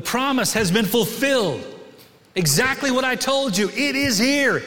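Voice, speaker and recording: A middle-aged man preaching a sermon to his congregation in a church, conversational and animated, often asking the room questions. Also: extremely high pitch, moderate pace. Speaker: pastor. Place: church sanctuary. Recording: long hall reverb.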